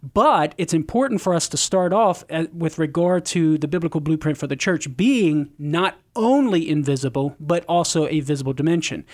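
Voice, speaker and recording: A man's voice: a little high, normal speed, hardly any pauses. A man on a call-in radio show, explaining church teaching in an earnest, teacherly way. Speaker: Catholic apologist radio guest.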